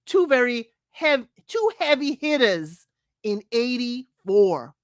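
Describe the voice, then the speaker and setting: Slow-talking chatty woman podcaster. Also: a little high, big pitch swings, dry recording, clean studio sound. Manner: chatty, addresses listeners as y'all, sings snippets of lyrics. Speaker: podcast host. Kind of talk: casual solo talk about music.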